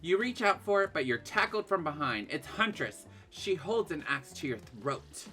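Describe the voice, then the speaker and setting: A woman's voice: sits low, sing-song, moderate pace, hardly any pauses, pushed and bright, soft background music. A woman streaming a dating game, reading its text aloud and reacting with laughs and shrieks. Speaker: gaming streamer.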